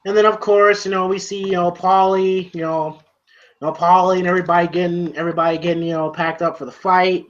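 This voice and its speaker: A man's voice: high-pitched, flat delivery, fast talker. A man reviewing a movie in casual chat, rambling and full of filler words. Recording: dull lo-fi sound.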